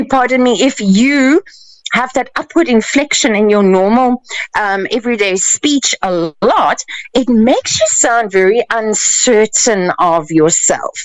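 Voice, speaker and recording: A woman's voice: a little high, slow, no echo, low-quality recording. A woman, a life coach giving emphatic, playful advice on a radio show. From South Africa. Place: radio studio.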